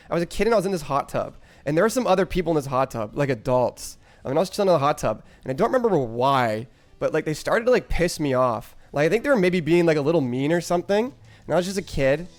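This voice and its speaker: A man streaming live, telling a rambling story to his chat, swearing freely and often breaking into laughter. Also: fairly high pitch.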